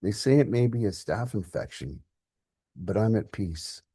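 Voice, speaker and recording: A man voicing a dying older father who speaks softly, weary and gentle, at peace. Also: lowish voice, expressive, unhurried, husky, no echo, clean studio sound.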